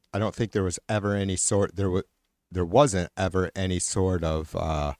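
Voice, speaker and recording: A man's voice: low voice, darkish tone, clean tone, no echo, clean studio sound. A man hosting a live stream, ranting casually and profanely with sarcastic exasperation, often trailing off and restarting.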